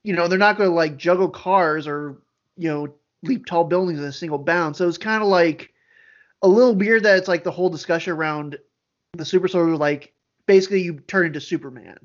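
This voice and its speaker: A man's voice: sits high, fairly quick. A man co-hosting a podcast, chatting casually and rambling animatedly with many fillers. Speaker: podcast co-host. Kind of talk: casual chat. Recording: dull lo-fi audio.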